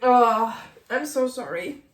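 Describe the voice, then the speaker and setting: A woman in her late thirties, an author giving a candid personal update to camera, halting and apologetic, often breaking off mid-sentence and laughing through tears. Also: on the high side, expressive, reverberant. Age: late 30s. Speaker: author vlogger. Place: at her desk, in a roomy room.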